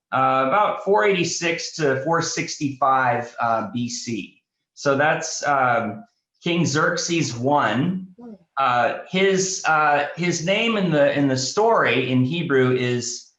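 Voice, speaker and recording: A man, a pastor, leading a Bible study class in a casual teaching style, speaking haltingly with many fillers and restarts. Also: fairly high pitch, fairly bright tone, reverberant, poor audio.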